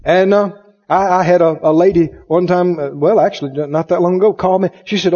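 A pastor preaches a sermon in a church sanctuary, his high, husky voice dark in tone, expressive and fairly quick as he tells folksy stories, laughs, and acts out the people he quotes. The congregation answers amen in the background, and the recording is dull and lo-fi with long reverb.

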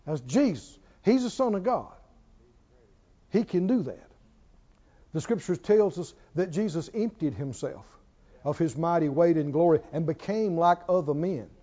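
A man's voice: on the high side, lively intonation, unhurried, mellow. A man preaching a sermon, emphatic, firing rhetorical questions at his listeners and drawing out key words for emphasis. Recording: reverberant, dull lo-fi church recording.

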